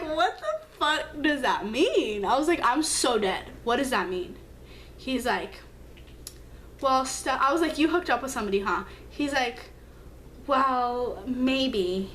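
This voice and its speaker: A young woman with a high voice tells a personal story straight to camera. She sounds hurt and keyed up, swearing a lot and jumping higher as she acts out the messages. A faint hiss sits under her voice. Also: fairly bright tone. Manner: emphatic, swearing, acts out texts with leaps in pitch. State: upset, hurt. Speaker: vlogger. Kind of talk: storytime vlog.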